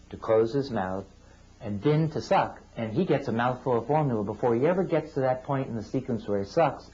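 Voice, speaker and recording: A man with a low, dark voice walks parents through feeding steps, patient and plain-spoken. The sound is dull and lo-fi, with a faint hum behind him. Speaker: cleft team clinician teaching parents. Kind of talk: instructional talk to parents.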